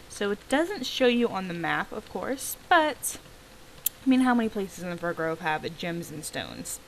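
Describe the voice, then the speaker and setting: A woman hosting a let's play, chatting casually and reacting out loud as she plays. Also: medium pitch, big pitch swings, unhurried, slight background noise, rough recording. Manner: chatty, reacting aloud to the game. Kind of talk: casual gameplay commentary.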